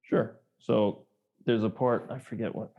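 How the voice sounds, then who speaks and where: A man's voice: fairly low pitch, fairly even intonation, measured pace, narrow, tinny audio. A man co-hosting a podcast in loose, rambling casual chat, swearing and acting out quotes. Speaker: podcast co-host.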